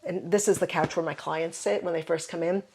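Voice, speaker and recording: Older Midwestern American woman, herbalist guest, rambling anecdotal chat, somewhat low voice. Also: steady tone, fairly quick, a little mellow, slight background noise. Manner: chatty, many "you know" fillers. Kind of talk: casual interview storytelling.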